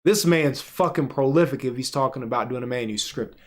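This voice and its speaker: A man's voice: medium pitch, brisk, background noise. A man streaming live, giving casual, joking commentary with crude asides as he reads webtoons aloud.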